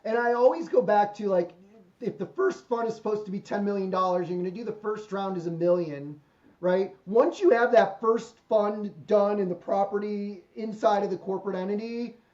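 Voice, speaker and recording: Over a video call, an Ohio man hosts a casual business podcast, chatting and joking about deals and markets. He has a high-pitched, darkish voice and a moderate pace, and the call audio is lo-fi and slightly dull.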